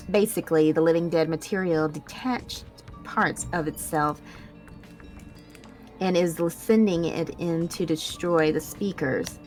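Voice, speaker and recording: Low-voiced woman reading a story aloud. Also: a little slow, soft background music. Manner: stumbling, self-correcting reading with laughing asides. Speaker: storyteller reading an audio drama. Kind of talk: reading a story script aloud in first person.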